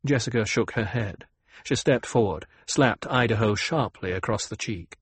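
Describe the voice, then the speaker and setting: A man narrating an audiobook in a steady, even storytelling manner. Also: on the low side, normal speed, breathy edge, no echo. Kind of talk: scripted narration.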